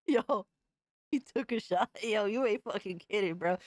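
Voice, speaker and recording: A woman's voice: medium pitch, unhurried, no room sound, studio quality. A woman hosting a casual livestream, chatting in loose, profane slang and often breaking into laughter. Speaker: livestream host.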